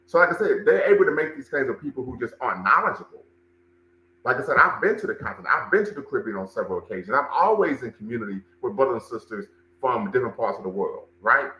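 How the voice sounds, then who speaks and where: A man's voice: medium pitch, lively intonation, fast, sharp tone, reverberant, poor audio. A man hosting a livestream, commenting and talking with his chat, emphatic and repeating phrases for stress. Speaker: livestream show host and cultural center director.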